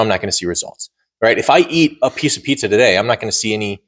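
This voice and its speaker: A man's voice: lowish voice, animated, fast talker, fairly bright tone. A man co-hosting a podcast, chatting casually, rambling and often checking in with "right?". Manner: rambling, repeats words and says "right?" often. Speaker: podcast co-host. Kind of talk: casual chat.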